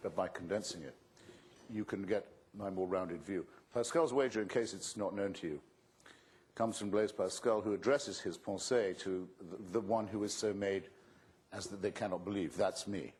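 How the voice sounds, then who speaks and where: Man, low husky voice, sardonic and witty debater. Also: a little mellow. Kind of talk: public debate answer. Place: auditorium.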